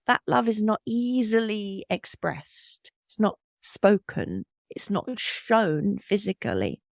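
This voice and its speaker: Gravelly-voiced woman in her fifties reflecting. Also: mid-range voice, dry recording, studio quality. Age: 50s. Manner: earnest, reflective, with small laughs. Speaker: interview guest. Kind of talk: reflective conversational storytelling.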